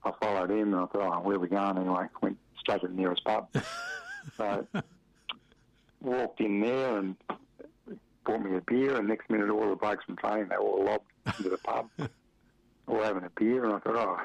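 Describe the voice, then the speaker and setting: A middle-aged Australian man, a former footballer from Western Australia, telling rambling anecdotes with chuckles and many fillers in a relaxed interview. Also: lowish voice, moderate pace, gravelly, long pauses, no echo. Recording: muffled dry radio recording.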